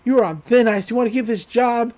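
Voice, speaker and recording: A woman voicing a furious male pool manager who shouts clipped orders while close to tears. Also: mid-range voice, normal speed, lightly acted.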